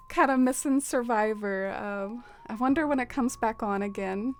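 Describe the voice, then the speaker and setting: During a laid-back gaming livestream, the host chats with viewers, with lots of fillers and frequent laughter. She speaks at normal speed with few pauses in a slightly high voice, and faint music plays behind her.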